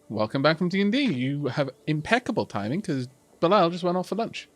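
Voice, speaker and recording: A man's voice: a little high, big pitch swings, brisk, hardly any pauses. A Welsh man chatting casually to his live-stream audience while playing a strategy game, rambling along with many restarts.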